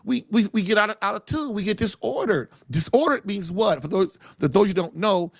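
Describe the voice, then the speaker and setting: A man's voice: high voice, animated, brisk, slightly rough, no echo, studio quality. A man hosting a faith-based show, preaching in emphatic, casual talk full of folksy slang and repeated phrases for punch. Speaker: podcast host.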